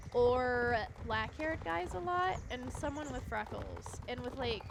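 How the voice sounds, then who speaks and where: A young woman streaming a game, chatting casually and giggling while she thinks out loud. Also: on the high side, creaky, noisy background. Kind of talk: casual gameplay commentary.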